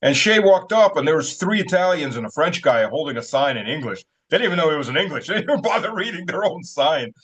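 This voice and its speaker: A man's voice: on the high side, sing-song, quick pace, few pauses, fairly bright tone, husky. A man talking casually as an interview guest, rambling with many fillers and chuckling at his own stories. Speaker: guest, military-political commentator.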